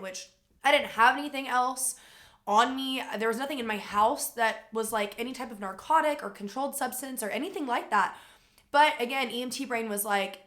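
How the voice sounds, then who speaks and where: A woman's voice: a little high, normal speed. Chatty young woman telling a story. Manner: animated retelling with frequent "like" fillers. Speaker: YouTuber telling a personal story. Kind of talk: casual storytime vlog.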